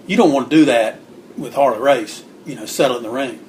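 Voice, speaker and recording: A man guest on an interview, telling stories in an animated way, acting out what people said and clearing his throat now and then. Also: medium pitch, brisk, slight background noise. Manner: animated storyteller acting out quotes. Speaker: guest author. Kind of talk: storytelling interview.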